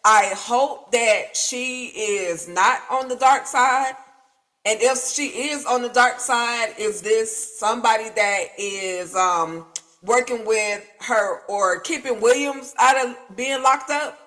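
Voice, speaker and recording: A woman's voice: on the high side, slow, fairly bright tone. A woman panelist in a casual online discussion, rambling and full of fillers.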